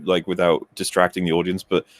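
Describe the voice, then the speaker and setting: A man's voice: sits low, flat delivery, brisk, no echo, clean studio sound. A young man, guest on a casual podcast, ranting animatedly and acting out his own reactions. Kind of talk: casual chat.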